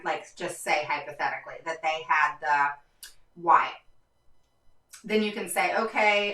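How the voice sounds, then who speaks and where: A woman's voice: lowish voice, bright, forceful tone, echoey room, recorded from a distance, rough recording. A woman hosting a live stream for parents, talking passionately and emphatically, her voice going up and down as she gets frustrated. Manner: passionate, voice rising and falling with frustration; repetitive, emphatic, many fillers. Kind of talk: livestream talk to viewers.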